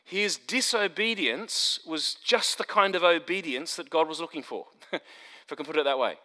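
A man preaching an expository sermon, emphatic, building to stressed points and then dropping low. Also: normal speed, bright, forceful tone. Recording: long hall reverb.

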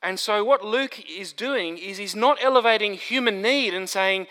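A man preaching an expository sermon, emphatic, building to stressed points and then dropping low. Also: normal speed, few pauses, pushed and bright. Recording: long hall reverb.

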